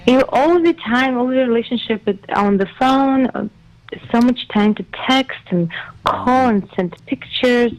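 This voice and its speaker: A woman's voice: on the high side, measured pace, poor audio. A woman from Russia with a Russian accent, calling in as a guest and chatting in a bubbly, giggly way in slightly broken English. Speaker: guest actor on the phone. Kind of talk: casual interview. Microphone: phone call.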